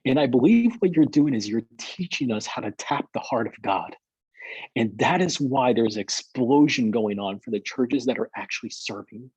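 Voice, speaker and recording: Male pastor, storytelling, repeats himself. Husky, mellow tone, muffled dry call audio. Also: medium pitch, expressive, moderate pace, no room sound. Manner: rambling, repeats words and restarts. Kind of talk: storytelling in a video call interview.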